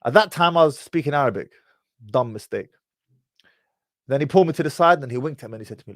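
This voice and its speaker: A man's voice: medium pitch, expressive, fast, pauses often, no room sound. A British man hosting a casual livestream and telling loose, rambling stories in street slang. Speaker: livestream host.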